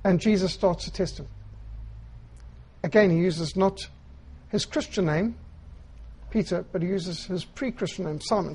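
A man preaching a sermon, retelling scripture in an earnest storytelling way with quiet, emphatic phrasing. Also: sits high, a little slow, long pauses, husky, rough recording.

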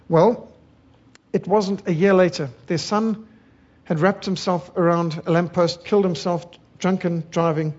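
Fiery high-voiced South African preacher. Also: male voice, a little mellow, slightly rough, lo-fi sound. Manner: fiery, emphatic preaching with rhythmic lists. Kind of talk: sermon.

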